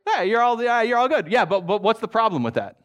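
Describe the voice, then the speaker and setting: In a church, a pastor preaches a sermon in a high, fast voice. He's an animated storyteller, cracking jokes and tossing questions to the congregation.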